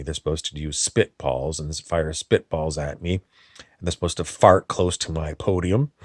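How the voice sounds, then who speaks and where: A man with a very low voice talks in a rambling comic monologue. He meanders, halts and wanders off topic. The recording is close and dry, with no room sound. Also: no echo. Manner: meandering, halting, drifts off topic. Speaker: comedy channel host in character.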